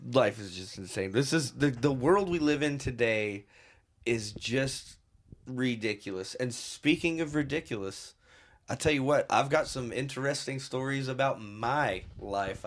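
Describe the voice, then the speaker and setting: A man co-hosting a podcast, telling stories in a casual, animated way. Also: mid-range voice, moderate pace. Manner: animated storyteller who acts out quoted voices. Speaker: podcast co-host. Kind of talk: casual storytelling chat.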